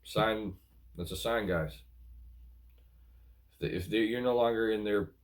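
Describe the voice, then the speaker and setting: A relationship advice vlogger speaks casually to his viewers in a lowish, unhurried voice. He is earnest and repetitive, often addressing them as guys.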